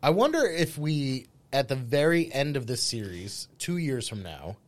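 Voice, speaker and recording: A man's voice: mid-range voice, big pitch swings, moderate pace, background noise. A man co-hosting a casual podcast chat, wry and sarcastic, swearing casually. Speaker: podcast co-host.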